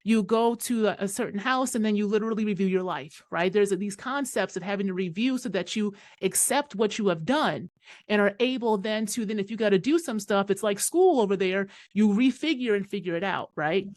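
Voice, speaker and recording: A woman's voice: mid-range voice, fairly quick, a little mellow, no echo, studio quality. A woman hosting a podcast, telling a personal story in a casual, emphatic and profane way. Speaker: podcast host.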